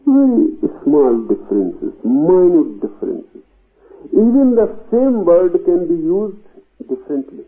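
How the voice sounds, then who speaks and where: A man giving a slow spiritual discourse as a teacher, deliberate with long pauses and emphatic rises on key words. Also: high voice, very animated. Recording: tinny phone-like old tape.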